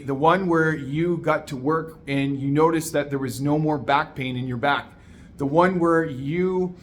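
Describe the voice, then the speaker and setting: Male life coach, high-ish voice, punchy motivational delivery, faint background noise. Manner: energetic, emphatic, addresses listener as "my man". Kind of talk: motivational monologue.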